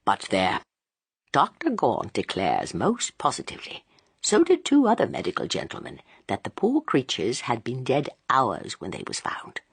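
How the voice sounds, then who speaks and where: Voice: mid-range voice, huge pitch swings, moderate pace, husky, dry recording, exaggerated voice. An audiobook reader voicing a kindly, plain-spoken police inspector who talks in a colloquial way. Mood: confiding. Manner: colloquial, good-natured.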